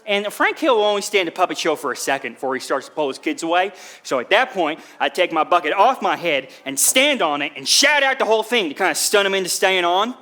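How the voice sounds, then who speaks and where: A man's voice: sits high, very animated, fairly quick, sharp tone, exaggerated voice. A man playing an earnest, folksy drifter. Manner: folksy, rustic grammar, earnest storytelling. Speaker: stage actor in a monologue. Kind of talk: theatrical storytelling monologue. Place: theatre stage.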